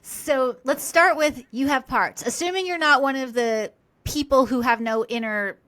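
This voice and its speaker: A woman with a notably bright, forceful voice that sits a little high, speaking as a podcast guest. She talks candidly and quickly, with self-deprecating asides and digressions that she reins back in. The tone stays casual and conversational.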